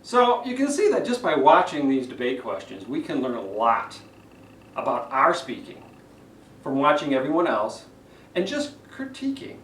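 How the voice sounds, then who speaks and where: A man who is a public speaking coach giving an animated speech evaluation lesson, acting out vocal examples as he goes. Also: mid-range voice, moderate pace, a little hiss or hum. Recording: roomy echo, distant mic.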